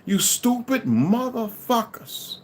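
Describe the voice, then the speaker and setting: A man's voice: very high-pitched, big pitch swings, slow. A middle-aged man delivering an angry, profane ranting monologue to his audience, swearing and insulting as he goes. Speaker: livestream host.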